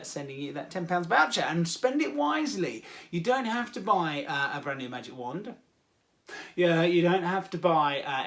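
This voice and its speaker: An English man hosting a children's activity show, talking to kids in a playful, jokey way with lots of "uh" fillers. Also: high-pitched. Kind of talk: upbeat chat to children.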